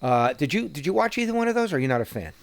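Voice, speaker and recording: A man's voice: a little high, racing, gravelly, no room sound. Rambling New Jersey man, dry mic. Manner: rambling, animated, profane, with many restarts. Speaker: podcast co-host. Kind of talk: casual chat.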